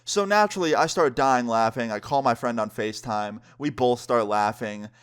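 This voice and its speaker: Guy doing a story time vid, animated, jokey, cusses a bunch. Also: mid-range voice, normal speed, smooth. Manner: animated, joking, swears freely. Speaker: vlogger.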